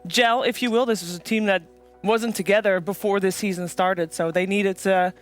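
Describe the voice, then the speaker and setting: A woman hosting a live esports analysis desk, brisk and joking as she keeps the show moving. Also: mid-range voice, fairly even intonation, soft background music. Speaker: esports broadcast host.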